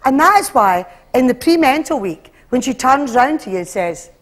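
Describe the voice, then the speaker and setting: A Scottish woman performing live stand-up comedy, animated and acting out voices as she tells her routine. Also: high-pitched, moderate pace. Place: stage before a live audience. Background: audience laughter.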